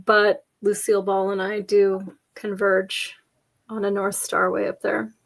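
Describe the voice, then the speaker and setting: A woman's voice: medium pitch, level tone, unhurried, vocal fry. A woman co-hosting a casual chat, telling jokey stories with lots of laughter. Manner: chatty, jokey storyteller, frequent laughs. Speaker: podcast co-host.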